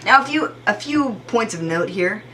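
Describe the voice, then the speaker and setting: A woman's voice: medium pitch, lively intonation, normal speed, noisy background. A woman commenting on a game with wry, explanatory remarks. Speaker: let's play co-commentator.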